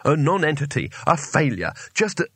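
A man's voice: fairly high pitch, very animated, moderate pace, fairly bright tone, husky, dry recording, voice pushed up, full character voice. A man voicing a blunt, practical young woman. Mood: impatient. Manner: blunt and impatient.

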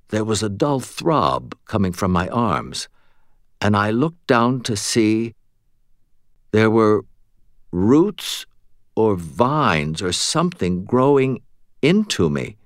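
A man reading a first-person audiobook in an expressive, wry way. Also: medium pitch, no room sound, clean studio sound. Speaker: audiobook narrator.

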